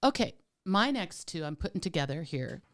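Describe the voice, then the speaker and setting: Her pitch is fairly low but swings widely, and she talks at a moderate pace. She's a female podcast co-host in relaxed chat, friendly and teasing, dropping "like" and "um" often.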